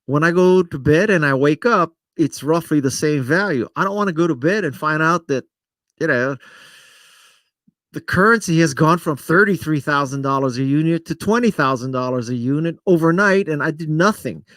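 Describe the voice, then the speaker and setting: A man's voice: fairly high pitch, moderate pace, fairly bright tone, no room sound. A middle-aged man hosting a live stream, chatting casually and self-deprecatingly as he answers viewers by name. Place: home studio setup in front of a camera.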